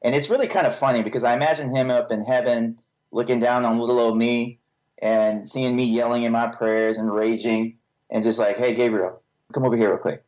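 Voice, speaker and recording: A man's voice: mid-range voice, steady tone, fairly quick, a little mellow, highs cut off. A male podcast guest giving a frank, earnest personal testimony with a self-deprecating edge.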